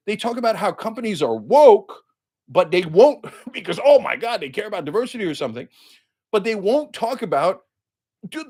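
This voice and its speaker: A man giving heated political commentary as a show host, sarcastic and indignant, mocking the people he quotes and hitting key words loud and high.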